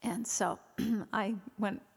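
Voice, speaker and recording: A woman's voice: medium pitch, steady tone, drawn-out words, gravelly, slightly rough. A middle-aged woman giving parenting advice in a conversational way, sharing personal stories and often restarting her sentences. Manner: earnest, rambling with frequent restarts. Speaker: parenting expert guest. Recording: reverberant hall with faint music.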